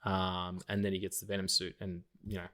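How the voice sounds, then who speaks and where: A man's voice: low-pitched, monotone, brisk, a bit bright. A man co-hosting a casual film podcast, swearing freely, laughing often and acting out quoted movie lines. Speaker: podcast co-host.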